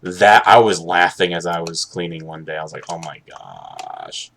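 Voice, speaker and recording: A young man chatting casually while live streaming, rambling and halting with many restarts and an occasional sarcastic aside. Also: low-pitched, fairly even intonation, fairly bright tone, slight background noise. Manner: candid, sarcastic at times.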